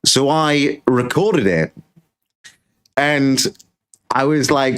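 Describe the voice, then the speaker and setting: A man's voice: medium pitch, fairly quick. A man hosting his own show, ranting in a casual monologue with frequent swearing and repeated phrases. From Britain. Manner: blunt, swears freely, repeats himself while ranting. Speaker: podcast host.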